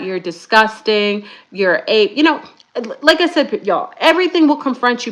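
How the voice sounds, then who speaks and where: A middle-aged woman hosting a casual talk stream, speaking in a chatty, animated way and calling her viewers y'all. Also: medium pitch. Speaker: YouTube spiritual talk host.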